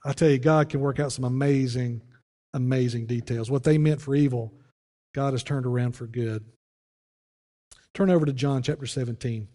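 A man preaching as pastor, earnest, often dropping low and quiet to press a point. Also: steady tone, normal speed, pauses often, long reverb tail. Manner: earnest preaching, voice drops low and soft on key phrases. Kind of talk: sermon.

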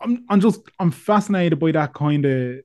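A man's voice: fairly high pitch, lively intonation, moderate pace, darkish tone. A man hosting a podcast, who thinks aloud in a reflective way and often stops and restarts his sentences. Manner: reflective, hesitant, with many restarts. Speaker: podcast host. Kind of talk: conversational interview.

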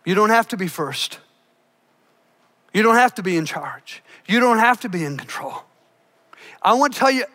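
An older man preaching a sermon as a pastor, swinging between emphatic lines and hushed ones. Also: very high-pitched. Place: church.

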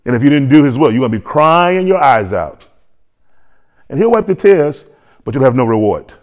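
A man preaching a sermon to a congregation, lively, with joking asides and repeated phrases. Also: medium pitch, moderate pace. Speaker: pastor.

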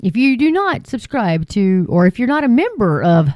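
A woman hosting a casual commentary show, talking in an indignant, sarcastic way and mocking others with sudden high jumps in pitch. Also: sing-song, normal speed, a little mellow, dry recording.

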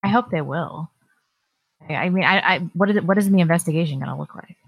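A female co-host in casual political talk, reading donation messages aloud and laughing between remarks, getting a little hoarse. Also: fairly low pitch, fast, no room sound, dull audio.

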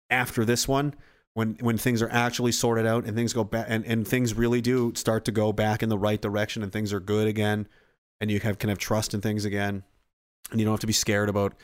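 A man giving a casual, rambling monologue, swearing freely and often restarting his sentences. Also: fairly low pitch. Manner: profane, rambling, self-interrupting.

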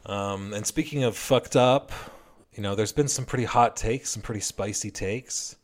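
A man's voice: lowish voice, moderate pace. A man giving a heated, heavily profane and sarcastic political commentary rant.

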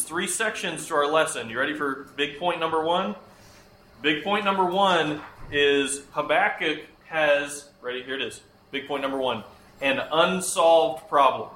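Guy teaching a kids bible class, keeps asking them questions, bright voice, roomy echo, faint hum behind. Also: a little high. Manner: asks the class questions and repeats their answers.

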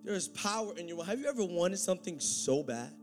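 High-voiced energetic male preacher. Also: fast talker, faint music behind. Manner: energetic, swings from loud preaching to quiet intensity. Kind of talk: sermon.

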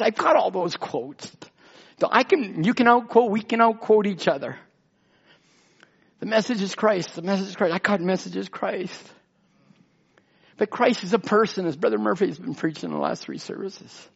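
A man's voice: high-pitched, creaky, breathy edge, lo-fi sound. A man preaching an emotional, rambling sermon as pastor in a church, pleading and often near tears. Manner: tearful, pleading, rambling with restarts.

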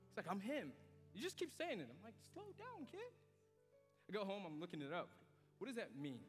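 High-voiced man preaching in a hall. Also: wildly swooping pitch, quick pace. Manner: dynamic preaching, swinging from hushed to loud and emphatic. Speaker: pastor. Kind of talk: sermon. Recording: hall reverb with soft music beneath.

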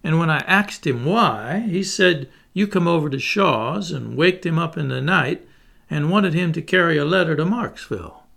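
A man voicing a blustering middle-aged plantation master who talks in a gruff, mocking and suspicious way. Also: a little high, expressive, normal speed, a bit bright, heavily acted.

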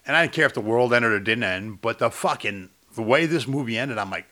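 A man with a bright, forceful voice gives blunt opinions in a casual podcast chat about a film. He grumbles and swears freely. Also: mid-range voice, expressive, a little fast, few pauses. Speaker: podcast co-host. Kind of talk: casual movie review chat.

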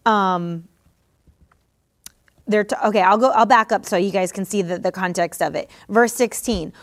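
A woman hosting a podcast sermon, teaching from scripture in an energetic, exhorting way and laughing often. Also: medium pitch, moderate pace. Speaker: Bible teacher and podcast host.

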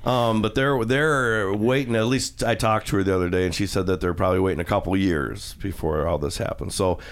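This middle-aged man hosts a radio show from the studio, his voice lowish and brisk. He chats casually and jokes in a rambling, self-mocking way.

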